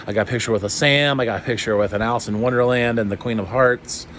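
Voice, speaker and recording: A man talking straight to camera in a loose, rambling vlog. His pitch sits in an ordinary middle range, and he gets excitable and swears freely. He uses lots of "um" and "like" as he goes. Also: quick pace, a little hiss or hum. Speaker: YouTuber. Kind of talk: casual vlog chat.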